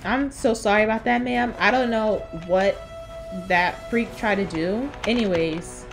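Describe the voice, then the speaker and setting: A woman's voice: mid-range voice, unhurried, creaky. A young woman chatting through a role-play video game as a sassy nurse character, teasing and talking back. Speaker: gaming YouTuber playing a nurse character. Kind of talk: Roblox role-play commentary. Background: game background music.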